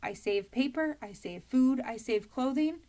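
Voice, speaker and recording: A woman's voice: fairly high pitch, normal speed, lightly acted. A woman voicing a fussy, miserly male mouse who speaks in a self-pitying, dramatic, pathetic way. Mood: pitiful.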